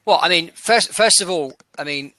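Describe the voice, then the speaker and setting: A man's voice: a little high, moderate pace, bright, forceful tone, no room sound. A man with an English accent chatting casually as an interview guest, thinking aloud and restarting his sentences. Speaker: interview guest, aircraft dealer. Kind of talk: casual chat.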